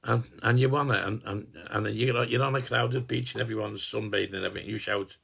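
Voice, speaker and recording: A gravelly, husky old rascal of a dad, played by a man in his eighties, who rambles and swears his way through a comic Christmas greeting. He boasts that he knows everything and wanders off into long chatty asides. His voice is rough and gritty, with a breathy edge. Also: medium pitch, fairly even intonation, brisk, a bit bright, exaggerated voice. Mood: jokey. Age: 80s. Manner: rambling and chatty, swears casually, trails off and restarts. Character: gruff, cheeky old working-class dad, all-knowing boaster. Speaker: sending a personalized Christmas video greeting.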